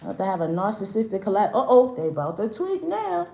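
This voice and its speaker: Ranting unscripted on her livestream, this host is brash, profane and confrontational, full of slang and restarts. Her mid-range voice is creaky and warm, with big pitch swings and a quick pace, and it echoes around the room.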